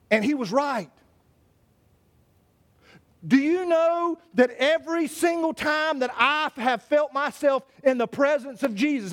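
A man preaching a sermon as pastor, impassioned, repeating and restarting phrases as he drives his points home. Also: very high voice.

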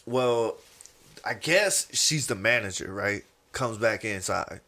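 A man, a podcast host telling a profane, animated story in casual chat and acting out the people in it. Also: lowish voice, slow pace. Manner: animated, profane, acts out quoted voices.

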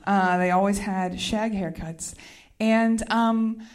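A woman's voice: medium pitch, fairly even intonation, slow, darkish tone. A woman comedian on stage, telling a rambling, chatty story and laughing as she goes. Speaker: stand-up comedian. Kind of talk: stand-up storytelling. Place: stage before a live audience.

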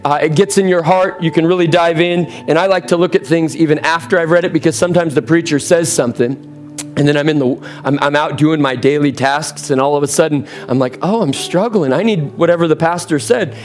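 A man preaching a sermon to a live congregation, energetic and calling for responses. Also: a little high, brisk, faint music behind. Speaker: pastor. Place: church sanctuary with congregation.

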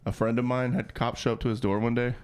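A man's voice: medium pitch, level tone, quick pace, darkish tone, clean tone. A man telling stories in casual, profane, joking talk as co-host of a radio chat show.

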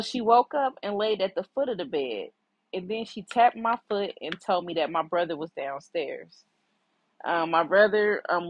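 A woman's voice: fairly low pitch, dry recording, muffled recording. A middle-aged woman hosting a podcast, candidly and reflectively telling a personal story with many fillers. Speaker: podcast host.

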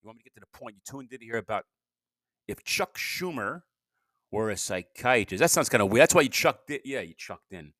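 A man talks on his own homemade podcast, wandering from thought to thought and running himself down. His pitch swings widely, from loud outbursts to low grumbles. The sound is close and dry, with no room around it. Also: very animated, a little fast, no echo. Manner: rambling, self-deprecating, veers between loud bursts and low mutters. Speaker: amateur podcast host. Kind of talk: rambling solo monologue. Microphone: home podcast mic.

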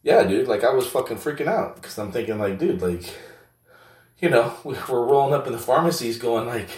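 A man with a low voice hosts a loose, comedic monologue, rambling through "you know"s and heavy profanity. The recording is roomy and echoing, and the mic sits some distance away. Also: normal speed, a little mellow. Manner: rambling, heavy swearing, filler-laden. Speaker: show host.

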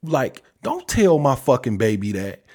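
A podcast host, an adult father, delivers a solo opinion monologue as a blunt, heavily profane rant packed with rhetorical questions. His mid-range voice is sing-song and dark in tone, and he speaks a little slowly.

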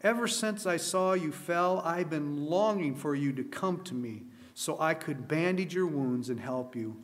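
A man reading a patient father full of love, calm and reassuring. His voice sits fairly high for a man. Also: unhurried, close to an everyday voice. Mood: loving. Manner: warm, reassuring.

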